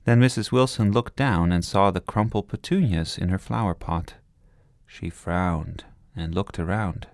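A man reading a children's storybook aloud, expressive and steady. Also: sits low, measured pace, no room sound, clean studio sound. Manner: warm, expressive read-aloud narration.

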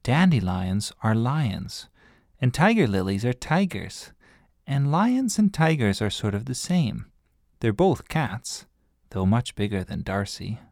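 A man's voice: medium pitch, very animated, unhurried, vocal fry, a little mellow, no echo, clean studio sound. A man reading a storybook aloud and voicing a curious, chatty young girl who is pleased with her own cleverness. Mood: explaining.

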